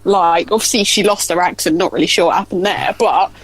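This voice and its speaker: A woman's voice: lowish voice, no room sound, poor audio. A woman co-hosting a podcast with chatty asides. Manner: chatty, quick asides and laughs. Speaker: podcast co-host. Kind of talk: casual chat.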